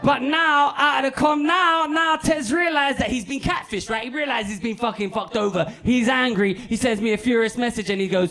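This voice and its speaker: A man's voice: very high-pitched, moderate pace. A male stand-up comedian tells a sweary, punchy story on a comedy club stage into a handheld mic. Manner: animated, punchy storytelling with a sweary, petty humour.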